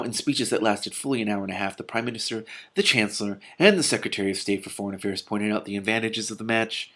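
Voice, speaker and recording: Husky-voiced man reading aloud. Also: lowish voice. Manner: excited, gushing asides. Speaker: reader. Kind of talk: reading a novel aloud with commentary.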